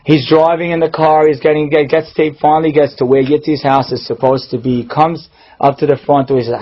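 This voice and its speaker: A rabbi tells a story in a husky, slightly high voice. He is dramatic and goes soft and low when the tension builds. The sound is dull and lo-fi. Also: level tone, a little fast. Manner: dramatic, drops soft and low at tense moments. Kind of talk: sermon storytelling. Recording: dull lo-fi recording.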